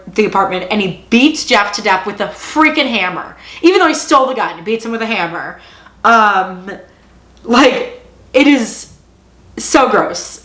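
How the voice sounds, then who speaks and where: A show reviewer with a medium-pitched, fairly bright woman's voice casually recaps a TV episode, chatting along with lots of fillers and acting out the quotes. The recording has a roomy echo.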